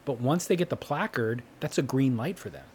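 A man's voice: mid-range voice, lively intonation, brisk, a little mellow, a little hiss or hum. A man co-hosting a podcast in casual chat, taking the contrarian side and arguing his point at length. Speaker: podcast co-host.

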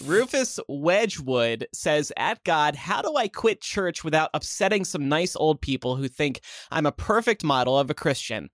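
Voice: mid-range voice, big pitch swings, normal speed, few pauses, no echo, natural voice. A performer playing Jesus on a comedy podcast, chipper, and reading out listener questions. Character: Jesus, a chipper male savior.

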